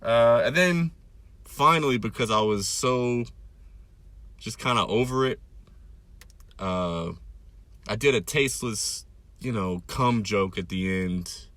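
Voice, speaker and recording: A man's voice: mid-range voice, slow pace, pauses often, a bit bright, dry recording. A man hosting a podcast, rambling in a loose, casual monologue full of "like" and fillers, with crude, irreverent humor. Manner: loose, laid-back, heavy with "like" and fillers. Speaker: podcast host and stand-up comic.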